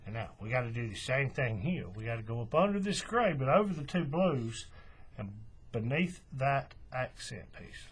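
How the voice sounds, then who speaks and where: A man explaining a craft step by step in a relaxed, folksy way. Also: medium pitch, normal speed, slightly rough. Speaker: craft tutorial host. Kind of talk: hands-on tutorial walkthrough.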